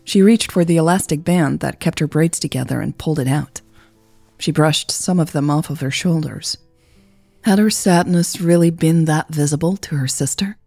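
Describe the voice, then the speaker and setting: A woman host reading a romance story aloud in a calm, measured way. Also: low voice, creaky, dry recording. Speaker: podcast storyteller. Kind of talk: story narration. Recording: faint music behind.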